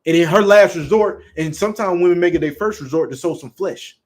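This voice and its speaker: Blunt high-voiced Southern preacher man. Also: a little fast. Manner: blunt, emphatic, profane. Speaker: street preacher. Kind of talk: preaching talk.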